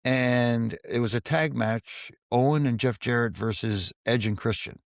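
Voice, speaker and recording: Speaking a little slowly in a mid-range voice, a man who used to referee wrestling shares casual backstage stories in an interview. The studio-quality audio has no echo, and he acts out the lines of dialogue as he tells them.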